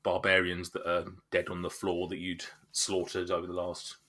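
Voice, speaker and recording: A man runs a tabletop game, describing the scene in a lowish but bright, forward voice. He rambles, circling back with fillers and restarts as he sets things up. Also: monotone, normal speed. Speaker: game master.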